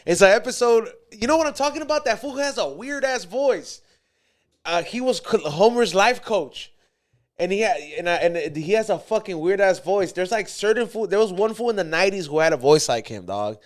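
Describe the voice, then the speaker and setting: A man's voice: high voice, normal speed. A man co-hosting a podcast, telling stories in loose, slangy casual chat. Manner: loose, slangy, animated storytelling. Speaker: podcast co-host.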